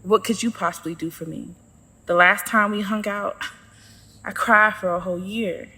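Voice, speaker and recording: A woman's voice: mid-range voice, steady tone, moderate pace, bright, forceful tone, long reverb tail. A woman narrating her own story in the first person, with a sassy, sarcastic manner.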